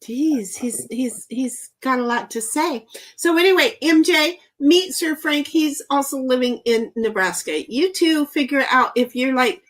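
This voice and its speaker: A woman's voice: sits high, measured pace. A woman hosting a casual livestream, chatting and reading viewer comments aloud while playing a board game. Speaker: livestream host.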